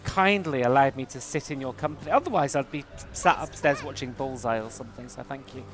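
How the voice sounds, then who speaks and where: A man's voice: mid-range voice, brisk, faint music behind. A man sitting in as co-commentator, chatting casually with dry, joking asides. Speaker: co-commentator on the couch. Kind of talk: casual chat.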